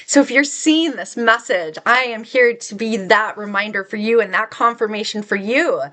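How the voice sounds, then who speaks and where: A woman's voice: a little high, normal speed, pushed and bright. Earnest middle-aged woman giving spiritual encouragement. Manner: earnest and encouraging, many filler words. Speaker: spiritual content creator. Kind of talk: heartfelt spiritual vlog message.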